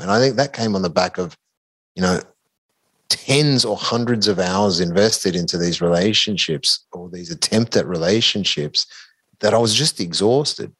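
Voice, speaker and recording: Animated man telling a story. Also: lowish voice. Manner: animated, laughs through his own story. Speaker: podcast guest. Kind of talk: casual storytelling.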